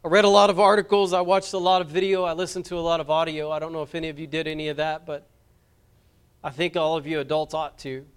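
A man's voice: fairly high pitch, flat delivery, quick pace, clean tone. A man preaching a sermon as pastor, earnest and impassioned, appealing directly to his congregation.

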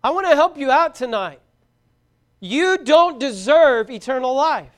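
A middle-aged man preaching a sermon to young people, fervent and shouting out his exhortations. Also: very high voice, lively intonation, measured pace.

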